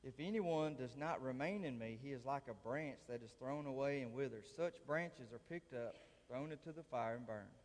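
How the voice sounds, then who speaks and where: Male lay preacher, folksy sermon storyteller with dry humor, mid pitch, long hall reverb. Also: moderate pace.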